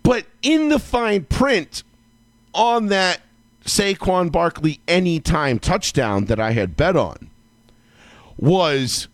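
A man co-hosting a casual sports talk show, telling a long story in a loose, profane way and breaking into yelling when he acts out his own outbursts. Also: high-pitched, expressive, slow pace, no room sound. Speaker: podcast co-host.

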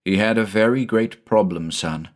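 Storybook doctor: man playing a careful, gentle, low-voiced father. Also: moderate pace, close to an everyday voice.

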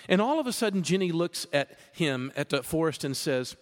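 A man preaching a sermon, chatty and animated, often pausing with fillers. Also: a little high. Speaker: pastor. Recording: long reverb of a large hall.

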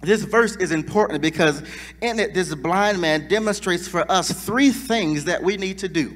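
A man's voice: high-pitched, moderate pace, a bit bright. A man preaching a sermon in a church, fervent and building in intensity with call-and-response. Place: church sanctuary. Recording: long church reverb.

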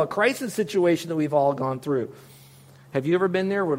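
A man's voice: a little high, normal speed. A man preaching a sermon as pastor, earnest and direct, asking the listeners questions. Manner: earnest, speaks straight to listeners with rhetorical questions.

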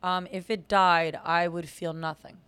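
A woman's voice: on the low side, flat delivery, measured pace, a bit bright, smooth, no echo. A woman with an American accent co-hosting a podcast, talking emphatically and rambling through restarts in casual chat. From United States. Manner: emphatic, chaotic, hesitant restarts. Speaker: podcast co-host.

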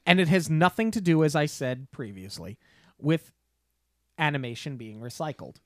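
A man co-hosting a podcast, building up a story slowly with playful disbelief. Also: fairly high pitch, lively intonation, no room sound, studio quality. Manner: slow, deliberate build-ups with playful disbelief. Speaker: podcast co-host. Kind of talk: casual podcast chat. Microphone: podcast microphone.

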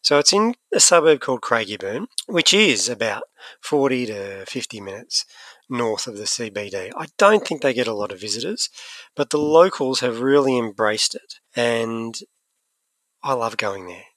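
Lively man chatting on a podcast. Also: medium pitch, moderate pace, no echo. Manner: animated, chatty, restarts often. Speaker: podcast co-host. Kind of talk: casual chat.

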